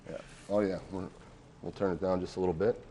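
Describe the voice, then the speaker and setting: Guy chef doing a cooking demo on tv, kinda low voice, lots of um and uh. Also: steady tone, fast talker, dark tone, slight background noise. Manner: hesitant, full of uh and um. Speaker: guest chef. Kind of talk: cooking demonstration. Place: TV studio kitchen set.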